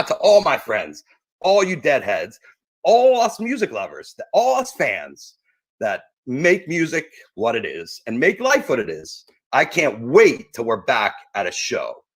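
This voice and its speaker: At home, a man signs off his casual livestream show in a rambling, emotional way, choked up and teary, full of fillers and restarts. His medium-pitched voice is fairly bright and husky, swooping wildly in pitch at a measured pace. The sound is clean studio quality with no room sound.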